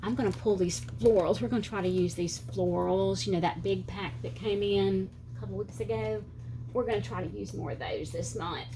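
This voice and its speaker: A middle-aged woman with a Southern US accent speaks in a mid-range voice at normal speed, with background noise present. Hosting a planner channel, she chats and rambles casually while decorating her planner in a crafting vlog, her speech slightly slurred, sometimes counting under her breath.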